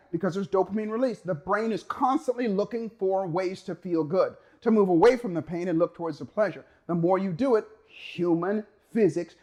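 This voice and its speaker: With a high-pitched voice, a male motivational speaker talks with energy and emphasis, dramatizing a worried mind's inner voice and lengthening key words to make them land.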